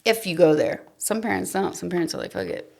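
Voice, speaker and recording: A woman in her thirties, a podcast guest, candidly telling an emotional personal story, often dropping to a soft, trailing voice. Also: fairly low pitch, fast talker, creaky. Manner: emotional, confessional, trails off softly.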